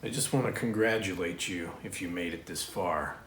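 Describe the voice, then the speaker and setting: A man's voice: low voice, moderate pace, fairly bright tone, roomy sound, a little hiss or hum. A man hosting a review show in a casual, jokey way, playfully reading aloud with silly sound effects. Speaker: podcast host and film reviewer.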